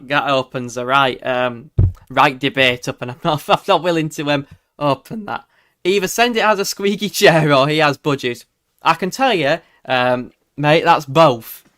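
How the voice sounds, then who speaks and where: A man's voice: fairly high pitch, fairly bright tone, no echo, clean studio sound. A man hosting a casual live weather stream, chatty and hesitant with many fillers, laughing easily as he reads the chat. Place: home room.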